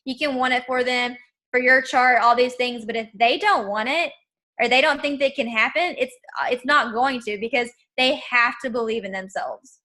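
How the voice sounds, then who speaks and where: A woman's voice: fairly high pitch, moderate pace, sharp tone. A woman team leader in casual motivational chat, emphatic and full of "like". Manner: emphatic, peppered with "like". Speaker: network marketing team leader.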